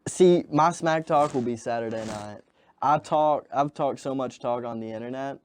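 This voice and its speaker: A man's voice: mid-range voice, normal speed, darkish tone, slight background noise. A young man in his twenties, a guest on a sports talk show, chatting in a modest, easygoing way. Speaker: guest, debut boxer. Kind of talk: casual interview chat.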